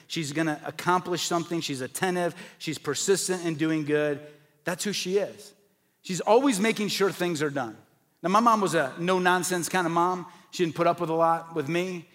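A man with a high voice preaches to his congregation, shifting between emphatic points and relaxed storytelling. His words ring out with a long reverb off a large church hall. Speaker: pastor. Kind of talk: sermon.

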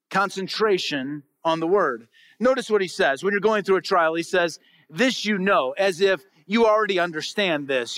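A man with a notably high voice delivers a sermon from the pulpit. He talks to the congregation in a conversational way, asking them questions and then answering them himself. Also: a bit bright. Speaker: pastor. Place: church before a congregation.

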